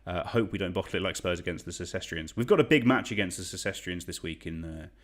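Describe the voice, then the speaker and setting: Deep-voiced young man hosting a quiz. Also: quick pace. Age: young adult. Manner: chatty, self-deprecating, reads shout-outs. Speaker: online quiz host. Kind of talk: casual quiz hosting livestream.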